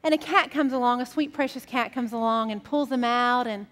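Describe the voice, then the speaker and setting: A woman's voice: on the high side, a little fast, a bit bright, big-room sound. A woman pastor delivering a sermon in a casual, storytelling way. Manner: conversational, storytelling.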